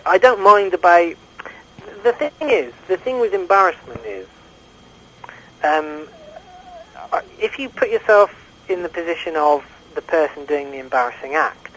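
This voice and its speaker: A drunk British man being interviewed, talking in a rambling, halting way with many restarts. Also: on the high side, animated, fairly bright tone, a little hiss or hum, rough recording. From Britain. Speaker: guest. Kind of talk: casual radio interview.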